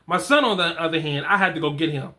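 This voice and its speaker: A middle-aged man with an animated, conversational way of talking who hosts a show on fatherhood, reading from his program and often restarting his phrases. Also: on the high side, fast talker. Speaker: fatherhood coach and host. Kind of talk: casual solo talk reading from a program.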